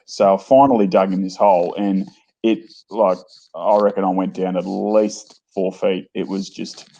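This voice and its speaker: Husky low-voiced man telling a yarn. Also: dark tone. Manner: rambling, lots of "you know". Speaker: guest. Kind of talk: casual storytelling. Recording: dull lo-fi remote line.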